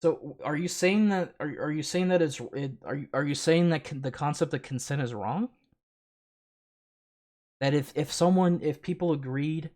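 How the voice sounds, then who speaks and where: A man's voice: on the high side, darkish tone. A man hosting a live stream, reacting to clips with mocking, sarcastic commentary full of swearing. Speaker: streamer host.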